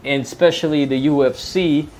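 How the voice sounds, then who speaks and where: A man's voice: a little high, steady tone, brisk, a little mellow. Chatty Filipino man, boxing talk. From Philippines. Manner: chatty, rambling, with many fillers and restarts. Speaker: boxing commentator. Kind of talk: live fight-night talk.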